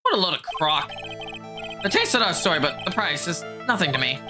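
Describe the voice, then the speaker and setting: A woman plays a touchy old geezer who brags loudly and huffs at every accusation, his voice jumping up and down in an animated, lively way. Game music plays steadily behind him. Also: fairly low pitch, fast. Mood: boastful. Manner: shouty, indignant bluster. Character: cranky broke old man, boastful and touchy.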